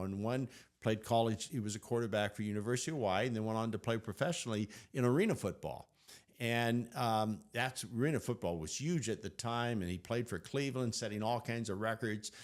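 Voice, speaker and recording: A middle-aged man co-hosting a faith podcast, telling stories in an animated, excited way. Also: on the low side, brisk. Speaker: podcast co-host. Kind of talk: casual storytelling chat.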